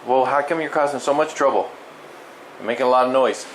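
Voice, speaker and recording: Indoors with a feral cat he looks after, a man talks to it in a brisk, mid-range, sing-song voice while filming. He says its name over and over and asks it playful questions as an air conditioner hums steadily.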